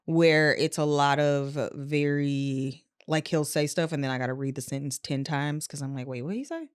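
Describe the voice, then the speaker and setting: A young adult woman co-hosting a podcast, talking in a relaxed, encouraging way with casual swearing. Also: sits low, moderate pace, clear, resonant tone, no echo, studio quality. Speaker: podcast co-host. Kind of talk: casual chat.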